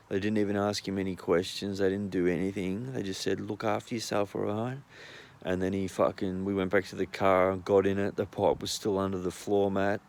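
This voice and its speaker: A man's voice: sits low, a little mellow. Sweary Australian man telling wild stories. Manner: blunt, sweary, rambling. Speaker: storyteller. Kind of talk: casual anecdote telling.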